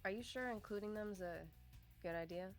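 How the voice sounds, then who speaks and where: A woman player speaking quietly and curtly in character at a tabletop game. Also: mid-range voice, moderate pace, soft background music, natural voice.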